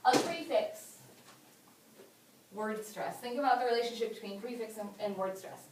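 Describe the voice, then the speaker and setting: A woman's voice: fairly high pitch, moderate pace, noisy background. A woman teaching a classroom lesson, upbeat and encouraging, asking lots of questions. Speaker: English teacher. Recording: echoey classroom from far off.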